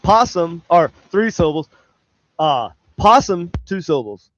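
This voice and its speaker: A man's voice: on the high side, lively intonation, moderate pace, dry recording, highs cut off. A man co-hosting a podcast in casual banter, argumentative, swearing often and stumbling over his words. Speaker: podcast co-host. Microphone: headphones on.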